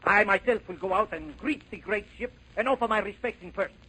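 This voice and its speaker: A man's voice: high-pitched, a little fast, pushed and bright, breathy edge, heavily acted, rough recording. An actor playing a vain, pompous male Spanish island governor in 1930s radio acting, with a put-on Spanish accent and grandiose, fussy delivery. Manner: grandiose, fussy, self-important.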